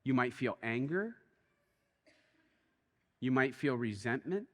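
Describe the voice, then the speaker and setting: A man preaching a sermon as a pastor, telling a story in an animated way that swings between quiet and excited. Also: mid-range voice, takes it slowly, long reverb tail. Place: church.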